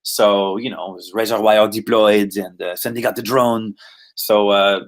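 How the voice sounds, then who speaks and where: A man speaks in a lowish voice, answering podcast questions about his acting work. He rambles and circles back with plenty of fillers, jumping in energy now and then. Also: normal speed. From Quebec. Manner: rambling, animated, many fillers. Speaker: voice and motion capture actor. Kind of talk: podcast interview.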